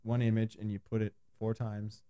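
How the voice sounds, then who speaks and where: A man's voice: lowish voice, completely flat delivery, moderate pace, warm tone, smooth, dry recording, studio quality. A man chatting casually with a friend while they build a project together, teasing him playfully. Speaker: co-host. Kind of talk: casual chat while doing a craft project.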